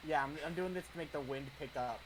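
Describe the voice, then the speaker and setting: A man playing a tabletop game, joking in a deadpan way. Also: on the high side, quick pace, crowd noise, rough recording. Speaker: player. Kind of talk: casual tabletop play.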